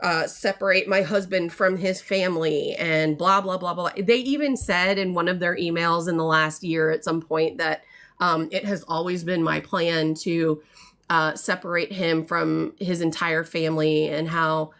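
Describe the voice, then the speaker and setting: A woman's voice: on the low side, steady tone, a little slow, fairly bright tone. Frustrated mother in her thirties, venting in a casual livestream, rambling with fillers. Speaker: mother telling a family story. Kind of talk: casual storytelling to viewers. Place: home art studio. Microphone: livestream mic.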